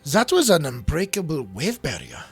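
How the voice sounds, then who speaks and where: A man voicing a weary male sorcerer who speaks quietly and matter-of-factly. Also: fairly high pitch, wildly swooping pitch, moderate pace, slightly rough, faint music behind, exaggerated voice. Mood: explaining.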